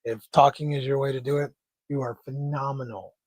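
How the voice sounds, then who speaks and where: A man with an American accent hosting a casual livestream chat, joking around and reading viewer comments aloud in a quick, loose way. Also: mid-range voice, steady tone, no room sound. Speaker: livestream host.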